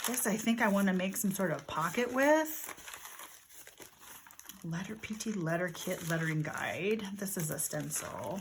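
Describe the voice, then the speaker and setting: A woman's voice: on the low side, expressive, a little slow, noisy background. An older woman talking casually as she works on a journal, rambling and thinking aloud about her materials. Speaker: journaling vlogger. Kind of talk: casual crafting narration. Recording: paper crinkling heard in background.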